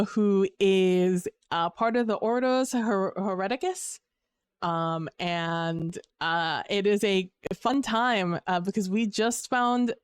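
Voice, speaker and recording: Chatty young woman streamer, smooth voice. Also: medium pitch, dry recording. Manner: rambling, upbeat, full of fillers and restarts. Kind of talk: casual live-stream chat.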